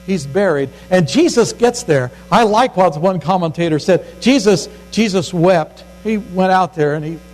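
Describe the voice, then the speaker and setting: Older preacher with a high, folksy voice. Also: male voice, moderate pace, hardly any pauses, darkish tone, poor audio. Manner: folksy, acts out quotes with rising pitch. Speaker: pastor. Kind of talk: sermon.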